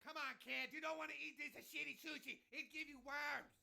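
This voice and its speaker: An actor playing a hot-tempered middle-aged cartoon restaurant owner with a heavy Chinese accent, who shouts and swears. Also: male voice, fairly even intonation, a little fast, full character voice. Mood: furious. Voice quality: shrill, gravelly, heavily accented.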